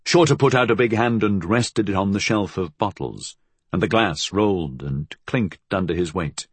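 Low husky male audiobook narrator, lively, expressive delivery. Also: no echo. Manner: measured storytelling.

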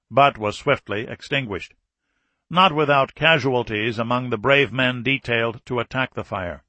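A man narrating an audiobook thriller in a measured, scripted reading. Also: mid-range voice, sharp tone, no echo.

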